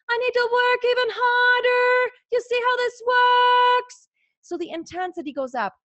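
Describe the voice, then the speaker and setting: Woman, vocal coach, high voice, earnest, instructive, sings short examples, dry sound. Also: dry recording, lo-fi sound. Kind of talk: singing lesson with sung demonstrations.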